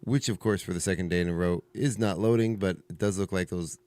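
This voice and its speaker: A man's voice: sits low, steady tone, quick pace, darkish tone, dry recording. A man hosting a small-town radio morning show, a little stuffy from allergies, chatting casually with many stumbling restarts.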